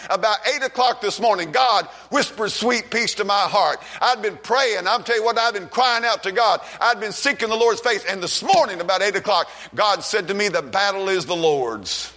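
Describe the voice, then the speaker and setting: A man preaching a revival sermon, fervently calling out and then dropping to a hushed tone. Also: normal speed, few pauses. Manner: fervent, shouts rises then drops low and hushed.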